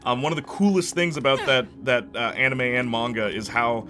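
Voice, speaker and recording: A man's voice: medium pitch, expressive, brisk, pushed and bright, soft background music. A man giving casual let's-play commentary, rambling and enthusiastic with many fillers. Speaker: gameplay commentator.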